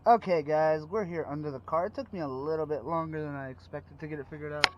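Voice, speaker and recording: A man's voice: a little high, quick pace. Man, casual DIY car repair vlogger, rambling and informal, outdoor noise, muffled phone audio. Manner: rambling, informal, with frequent fillers and restarts. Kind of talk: casual how-to narration. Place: outdoors working under a car at night.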